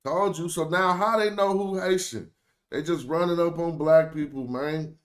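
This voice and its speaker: A man's voice: a little high, moderate pace. A young American man with an African American accent, streaming casual, joking commentary in loose slang. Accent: African American English. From United States. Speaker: streamer host.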